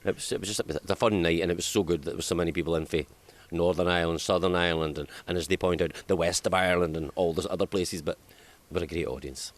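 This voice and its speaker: Scottish male comic, deep voice, easygoing interview banter, quick to laugh. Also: steady tone. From Scotland. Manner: chatty, laughs often, self-deprecating. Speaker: comedian guest. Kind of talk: casual interview chat. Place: outdoors in hot sunshine.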